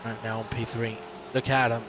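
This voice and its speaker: A man giving live sim racing commentary, energetic and joking with his co-host between race calls. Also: mid-range voice, normal speed, background noise.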